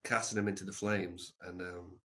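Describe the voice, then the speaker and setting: A man's voice: deep voice, level tone, moderate pace, a bit bright. A man on a livestream telling a long story in a reflective, rambling way, swearing casually.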